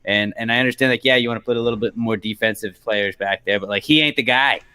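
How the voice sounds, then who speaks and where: A man co-hosting a casual football podcast, rambling and relaxed. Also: mid-range voice, fast, clean tone. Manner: rambling, relaxed, lots of fillers. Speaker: podcast co-host.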